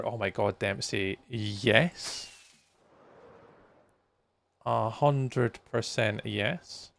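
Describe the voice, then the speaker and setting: A man's voice: lowish voice, drawn-out words, creaky, long pauses, a bit bright. A man chatting casually with viewers on a live game stream, tired and yawning as he reacts to messages while he plays.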